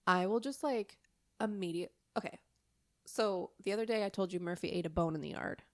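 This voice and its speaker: A woman's voice: on the low side, a little fast, darkish tone, no echo, clean studio sound. A woman co-hosting a podcast, telling a true story in a casual, rambling way, full of fillers and laughter.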